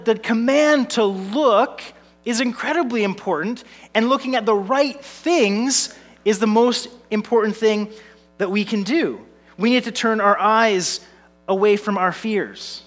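A man's voice: high-pitched, a bit bright. A man, a pastor preaching a sermon in an earnest way, building with repeated phrases and telling family stories.

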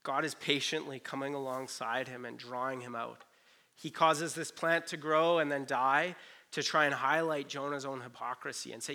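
A man's voice: medium pitch, steady tone, normal speed, sharp tone. A man in his thirties preaching a sermon in an earnest, conversational way, with frequent "you know" asides. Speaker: pastor.

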